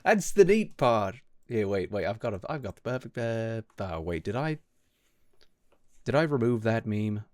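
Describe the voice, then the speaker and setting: A man with a British accent chatting casually with his live-stream viewers, wry and teasing, with frequent throat-clearing. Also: on the low side, lively intonation, normal speed, darkish tone, dry recording. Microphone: close desk mic.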